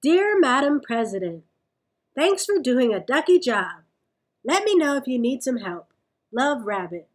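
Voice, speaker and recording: A woman reading a storybook aloud, voicing an eager, chatty young rabbit in a bright voice. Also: high-pitched, very animated, a little slow, heavily acted.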